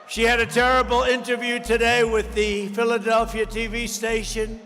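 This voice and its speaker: A man giving a campaign rally speech, emphatic and repetitive, often shouting his lines to the crowd. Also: extremely high pitch, monotone, normal speed, hardly any pauses. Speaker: political candidate. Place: large rally venue. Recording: long hall reverb with faint music.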